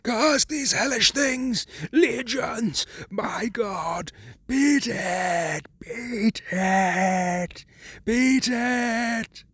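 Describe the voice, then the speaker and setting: A man playing a terrified trapped man, high and frantic, swinging from shouts to hoarse whispers. The delivery is husky and dry, close to the mic, in a storybook reading. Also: very slow, no echo, exaggerated voice. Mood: panicked. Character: terrified trapped man pleading from below ground.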